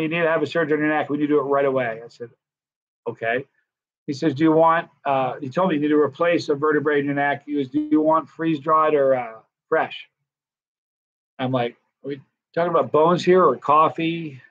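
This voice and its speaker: A middle-aged man hosts a live stream, speaking in a somewhat high voice. He tells loose anecdotes, restarts sentences and acts out what others said. The sound is muffled and lo-fi, as if from a basic live feed. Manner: rambling anecdotes with restarts and quoted dialogue. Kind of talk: casual storytelling to live viewers.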